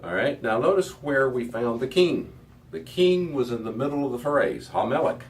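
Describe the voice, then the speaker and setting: A man's voice: medium pitch, expressive, normal speed. Man, middle-aged, classroom lesson, methodical, repeats words, distant mic, faint background noise. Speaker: Hebrew teacher.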